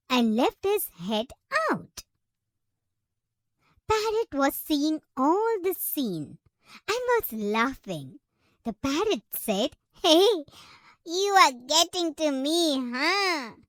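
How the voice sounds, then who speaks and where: A woman narrates children's moral stories in a high, sing-song voice that swoops up and down. She reads slowly and expressively. The recording is dry and close. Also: dry recording. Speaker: storyteller.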